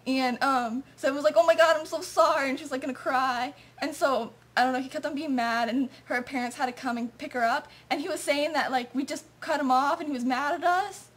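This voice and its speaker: A woman's voice: high-pitched, steady tone, fairly quick, hardly any pauses. A woman telling a story in a casual confessional way, rambling along and filling it with "like" and "and so". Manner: rambling, lots of "like" and "and so".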